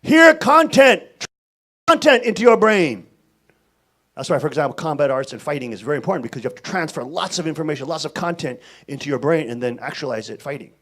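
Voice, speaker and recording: A male pastor with a high voice delivers an animated sermon, talking fast as his pitch swoops widely. He scolds emphatically, hitting his warnings hard before dropping low to give advice.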